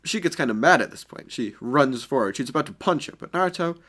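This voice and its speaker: A man's voice: medium pitch, expressive, fast, fairly bright tone. Rambling man improvising a crude story. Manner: rambling, crude, self-conscious. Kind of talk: improvised fan story narration.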